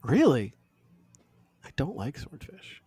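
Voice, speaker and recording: A man's voice: medium pitch, huge pitch swings, takes it slowly, dark tone, husky, no echo. A man co-hosting a podcast, recapping a cooking show in a laid-back way. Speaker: podcast co-host. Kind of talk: casual chat, episode recap.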